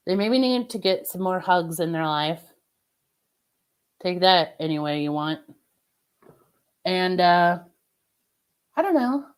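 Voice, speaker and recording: Woman streamer w a lower voice, chatty, venting to chat. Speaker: livestreamer talking to chat. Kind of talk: casual live-stream chat.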